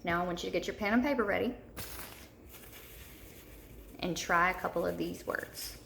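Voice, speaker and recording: A woman with a slightly low, gravelly voice teaches a recorded spelling lesson for third graders. She repeats each word slowly and patiently. The room is echoey, with a faint hiss behind her. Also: a bit bright.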